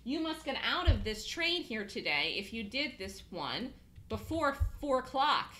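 A woman's voice: fairly high pitch, very animated, a little slow, sharp tone, roomy sound. A woman coaching a trading student in a live lesson, emphatic and repeating her points.

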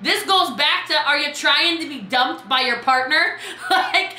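A woman coaching her team on a live video, chatty and lively, calling out viewers by name. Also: sits high, unhurried, echoey room, poor audio. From Texas. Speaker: business coach.

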